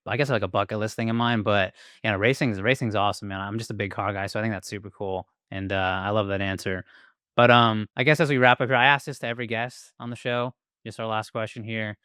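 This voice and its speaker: A man's voice: on the low side, fairly even intonation, fast, fairly bright tone, clear, resonant tone, no echo, studio quality. A man hosting a podcast, talking in a laid-back, casual way and leaning on "like" as a filler. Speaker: podcast host. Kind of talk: casual interview chat.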